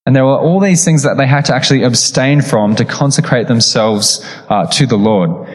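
A man's voice: medium pitch, moderate pace. A man, preaching a sermon with casual storytelling and laughing asides. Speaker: pastor. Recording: echoey hall with long reverb.

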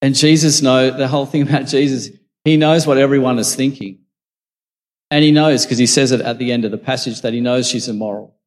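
A man's voice: medium pitch, fairly even intonation, brisk, a little mellow. Male preacher in a reverberant hall. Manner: reflective, conversational storytelling. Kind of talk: sermon. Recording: long reverb from a large hall.

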